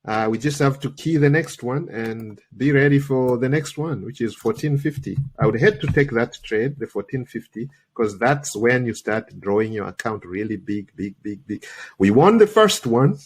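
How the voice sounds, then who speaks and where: A man's voice: medium pitch, expressive, moderate pace, slightly rough. A man hosting a live trading tutorial, slightly worn from a recent cold, chatty and checking in with listeners constantly. He speaks English as a second language. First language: not English. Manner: chatty, peppers talk with "okay?" and "guys". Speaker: trading coach and livestream host.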